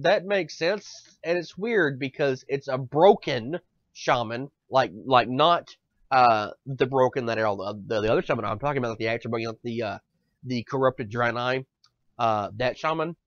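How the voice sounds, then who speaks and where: A man's voice: medium pitch, measured pace, fairly bright tone, dry recording. A man co-hosting a podcast in a casual rant; he is exasperated, swears a lot and repeats his words. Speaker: podcast co-host. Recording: dull lo-fi podcast audio.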